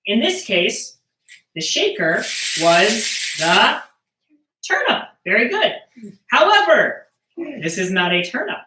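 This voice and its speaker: A woman's voice: medium pitch, very animated, slow, background noise. A woman performing and teaching percussion storytelling to children over a live stream, in a playful, joking way. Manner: playful, jokey, talking to kids. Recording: roomy sound, mic at a distance.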